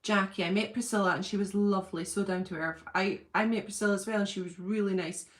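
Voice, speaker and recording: A woman's voice: mid-range voice, fairly even intonation, fast. A woman hosting a casual livestream from home, reading out viewer comments in a gushing, chatty way with plenty of fillers. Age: adult with a husband and school-age children. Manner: chatty, gushing, thinks aloud with many fillers. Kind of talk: casual live-chat.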